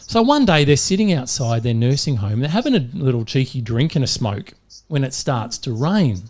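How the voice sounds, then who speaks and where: A man's voice: mid-range voice, normal speed. Australian man, podcast co-host, chatty joke-teller, laughs easily, bouncy intonation. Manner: animated storyteller who laughs mid-joke. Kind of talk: casual joke-telling chat.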